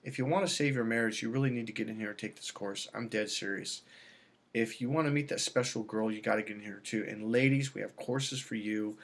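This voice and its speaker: A man's voice: on the low side, a little fast. A man who works as a dating coach, talking casually in a rambling, salesy way with frequent restarts. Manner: rambling, salesy, repeats himself. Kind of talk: casual self-filmed vlog.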